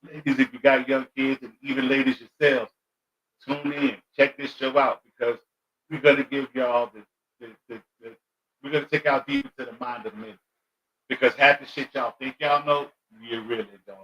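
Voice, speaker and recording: A man, a comedian guest on a podcast, talking candidly in relaxed chat and stumbling over his words. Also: mid-range voice, moderate pace, dull audio.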